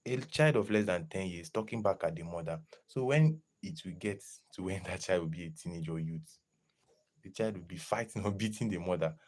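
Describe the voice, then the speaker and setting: A young man chatting casually on a live stream, lively and greeting viewers in the chat as he talks. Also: low-pitched. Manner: animated, greets chat viewers, slips into pidgin.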